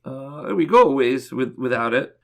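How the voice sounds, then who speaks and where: A man's voice: mid-range voice, lively intonation, moderate pace, creaky, a bit bright. A man co-hosting a podcast, chatting casually about comic books and joking as he recaps the plot. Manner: joking, recaps plots and acts out quoted lines. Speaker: podcast co-host. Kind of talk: casual comic book review chat.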